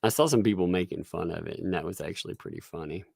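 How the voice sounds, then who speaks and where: A man's voice: sits low, fast, creaky, a little mellow, husky, dry recording, clean studio sound. A man hosting a casual livestream, rambling and laughing often. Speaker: livestream host.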